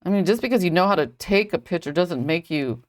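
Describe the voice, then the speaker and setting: Middle-aged lady chatting on her craft live stream, lowish voice, says like a lot. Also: expressive, brisk. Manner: rambling, heavy use of "like". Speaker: jewelry designer live-streaming. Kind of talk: casual live-stream chat while crafting.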